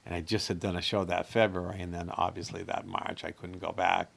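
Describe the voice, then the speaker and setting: A middle-aged comedian tells his stories in a lively, animated way. His voice is low and gravelly. He chats casually as a guest. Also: fairly quick. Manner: animated joke telling with voice changes. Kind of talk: casual interview storytelling.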